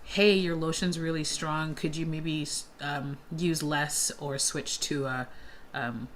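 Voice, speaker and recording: A woman from Canada in a casual video-call chat, explaining her thoughts in a measured way. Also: low-pitched, steady tone, slight background noise. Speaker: guest.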